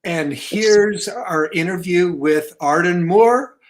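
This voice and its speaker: A man co-hosting a video podcast, asking slow, measured questions. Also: sits high. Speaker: co-host.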